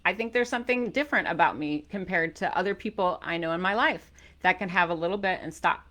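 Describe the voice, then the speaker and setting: Bright, animated woman coach. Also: fairly low pitch, fast. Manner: animated and playful, bursts into loud shouting for emphasis. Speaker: author and keto diet coach. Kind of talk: energetic talk to camera.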